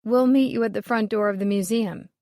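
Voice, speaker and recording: A woman's voice: medium pitch, fairly even intonation, fairly quick, a little mellow, no room sound, studio quality, close to an everyday voice. A woman voicing a bubbly, giggly woman appraiser. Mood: cheerful.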